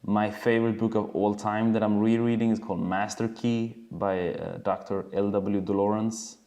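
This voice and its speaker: A man coaching dancers in a casual webinar, telling stories in an animated way and swearing freely from a home video call. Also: lowish voice, moderate pace.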